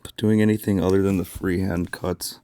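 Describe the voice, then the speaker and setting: A man with a sick, hoarse voice chatting casually and mumbling to himself as he streams while papercrafting. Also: little pitch movement, fairly quick, dark tone, dry recording. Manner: low-key, mumbling, thinking aloud.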